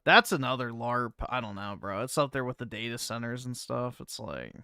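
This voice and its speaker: A man's voice: medium pitch, lively intonation, moderate pace, pushed and bright, clean tone, no room sound, studio quality. A man live-streaming, reacting to another stream in blunt, profanity-laden casual commentary. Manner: blunt, swears constantly, scoffing.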